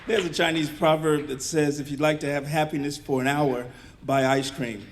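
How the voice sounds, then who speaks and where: A man with a somewhat high voice gives a measured award speech, telling a short story. A faint crowd murmur and light noise sit behind him. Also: fairly even intonation. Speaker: award recipient.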